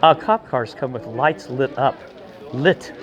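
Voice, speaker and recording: A man telling a rambling, animated story in casual talk, with frequent restarts. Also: mid-range voice, takes it slowly, muffled recording, crowd noise. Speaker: spiritual investigator. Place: outdoors in a town.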